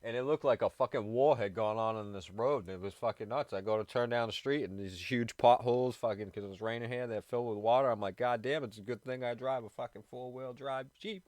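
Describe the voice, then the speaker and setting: A man's voice: mid-range voice, fast talker, few pauses, a little mellow, dry recording, studio quality. Rambling, profane man on live radio. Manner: rambling, profane, laughing often. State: high. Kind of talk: casual live radio chat.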